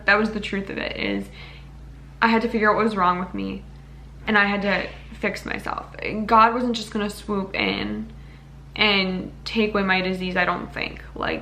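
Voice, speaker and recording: A woman's voice: mid-range voice, sharp tone, slight background noise. A young woman vlogging to camera in an earnest, rambling, emotional way. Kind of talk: casual talking-to-camera vlog.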